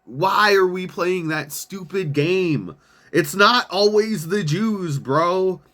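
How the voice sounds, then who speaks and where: A man's voice: sits high, slow pace, sharp tone. Profane, exasperated man ranting. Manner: profane, exasperated, laughs often; mocks others in put-on voices. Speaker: podcast host. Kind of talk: casual ranting commentary.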